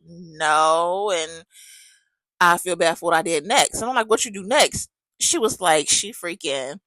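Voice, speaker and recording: A woman's voice: on the low side, a bit bright, no room sound, poor audio. A woman podcast host, telling a friend's story in casual chat and acting out both sides of the conversation.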